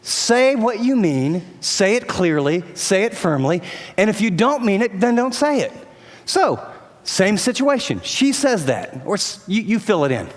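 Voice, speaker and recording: A middle-aged man preaching a sermon in a conversational, animated way, acting out everyday scenes. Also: high-pitched, unhurried, long reverb tail. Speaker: pastor.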